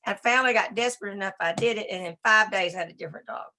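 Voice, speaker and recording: A woman giving a presentation on dog behavior, talking in a brisk, emphatic and conversational way. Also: mid-range voice, pushed and bright. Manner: talks to a slide assistant. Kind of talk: presentation lecture.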